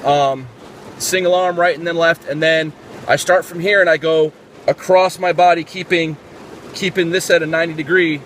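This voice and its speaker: A man in a casual fitness vlog walks through his workout step by step, his voice sitting a little high, often stopping to fill a gap or restart a phrase. He is outdoors in an urban spot with vehicles passing behind him, picked up by the camera mic. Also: a bit bright, a little hiss or hum. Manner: explains step by step with frequent fillers and restarts. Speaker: fitness vlogger.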